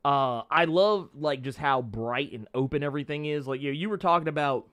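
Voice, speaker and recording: A man's voice: on the high side, a little fast, a bit bright. A man hosting a casual interview chat, rambling with many restarts and frequent laughter. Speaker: podcast host.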